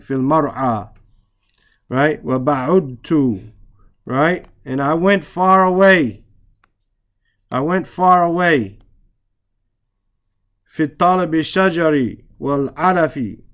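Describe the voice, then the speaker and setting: Speaking at a fairly high pitch, this man guides learners through Arabic reading. He patiently translates each line, walks through the grammar slowly, and repeats words while spelling out letters.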